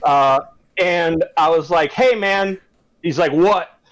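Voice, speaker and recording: A young man from Wisconsin telling a story about a street fight to friends, in a measured, deliberate way. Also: a little high, fairly bright tone, rough recording. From Madison, Wisconsin. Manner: measured, deliberate build-up with hesitations. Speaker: tabletop game player. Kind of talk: casual storytelling among friends.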